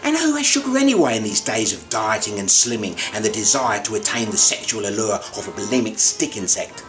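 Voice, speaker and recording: A man with an Australian accent delivering a scripted comic monologue in a wry, mock-grand deadpan manner. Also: lowish voice, a little fast, low-quality recording. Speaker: comic narrator. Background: music.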